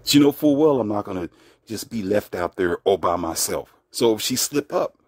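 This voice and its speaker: A man lectures bluntly on relationships in a brash, self-assured commentary. His voice sits fairly low. The sound is close and dry, with no room around it. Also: expressive, moderate pace, dry recording. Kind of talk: casual commentary monologue.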